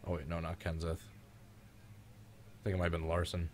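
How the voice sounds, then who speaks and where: A man's voice: low-pitched, completely flat delivery, unhurried, a little mellow, a little hiss or hum. A man hosting a live race reaction with friends, congested and sick, his voice cracking, chatty and teasing as he rambles through old races. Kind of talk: casual live commentary with friends.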